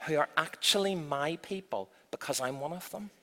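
A man's voice: a little high, moderate pace, bright, forceful tone, big-room sound. A man doing a pleading young queen.

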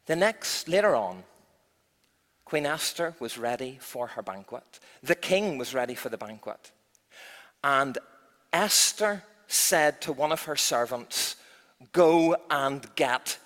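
Bright, animated man leading a children's Bible talk in an echoey church hall. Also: medium pitch, measured pace. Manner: animated, expressive storytelling.

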